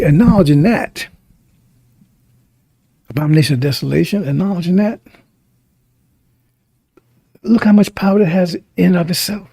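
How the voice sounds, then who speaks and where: A man's voice: a little high, gravelly, dark tone, breathy edge, dry recording. A man preaching a sermon in an emphatic, repetitive way, often turning to ask his listeners if they understand.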